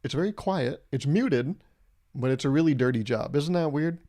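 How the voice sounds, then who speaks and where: A man's voice: on the high side, expressive, moderate pace, mellow. Brief: young male podcast host, solo comedic rant, crude and meandering, amused at his own jokes. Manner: rambling, crude, self-amused riffing. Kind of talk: casual comedic monologue.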